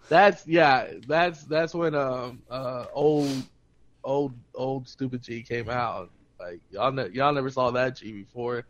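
A man's voice: mid-range voice, takes it slowly, a little hiss or hum. A young man on a podcast, telling a party story with lots of swearing, laughter and acted-out quotes. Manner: profane, laughing, animated retelling with quoted voices. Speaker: podcast co-host. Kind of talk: casual storytelling chat. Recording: dull lo-fi podcast audio.

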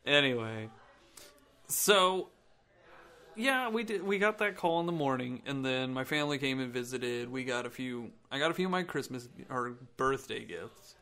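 A man's voice: mid-range voice, lively intonation, normal speed, sharp tone. A man hosting a podcast at his own house party, chatting casually, swearing a lot and laughing. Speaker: podcast host. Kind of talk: casual chat.

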